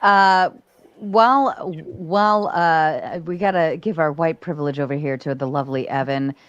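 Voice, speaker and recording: A woman's voice: sits low, steady tone, normal speed, clear, resonant tone, no room sound, muffled recording. A woman hosting a live-stream panel, teasing her guests and playfully reading out donations. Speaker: stream host.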